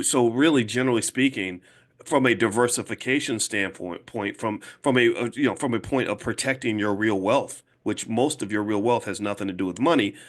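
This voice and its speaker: A man in his fifties speaking to a live audience as a finance educator, emphatic and casual, repeating points slowly to drive them home. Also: mid-range voice, a bit bright. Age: 50s. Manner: emphatic, slow and repetitive for emphasis; casual, conversational, direct address. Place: room with an audience.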